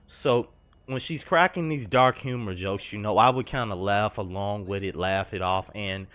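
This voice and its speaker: A man's voice: lowish voice, normal speed, fairly bright tone. A young man telling a personal story over gameplay, earnest and confessional, slangy and rambling. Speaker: gaming vlogger.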